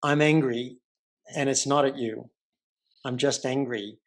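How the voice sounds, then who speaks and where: A man voicing a volatile woman driver who swears and shouts at him, in a retold story. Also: medium pitch, steady tone, unhurried, close to an everyday voice. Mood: apologetic. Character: volatile woman driver, venomous then tearful.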